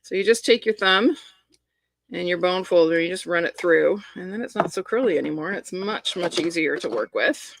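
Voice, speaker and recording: A woman's voice: on the low side, animated, moderate pace, creaky, no room sound. A middle-aged woman chatting enthusiastically while showing a crafting project step by step. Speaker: papercraft demonstrator. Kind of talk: live crafting demonstration.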